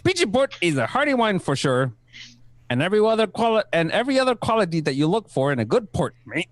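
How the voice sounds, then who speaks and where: In an amateur radio play reading, a man hams it up as an old-time male radio announcer with a shaky, put-on New Zealand accent, adding "mate" to his lines. His voice is high-pitched, very animated and fast, in a dry recording.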